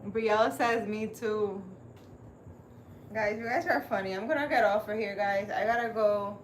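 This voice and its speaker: A female spiritual healer hosting her own channel laughs often as she chats animatedly and casually with live viewers. She talks fairly quickly in a mid-range voice over slight background noise.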